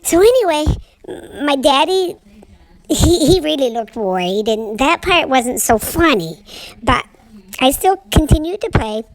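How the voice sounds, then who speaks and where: A woman's voice: high-pitched, big pitch swings, measured pace, exaggerated voice, rough recording. Winston, a woman voicing a chatty young boxer dog. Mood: storytelling. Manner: rambling homespun storytelling with stammered restarts. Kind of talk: pet voice-over monologue.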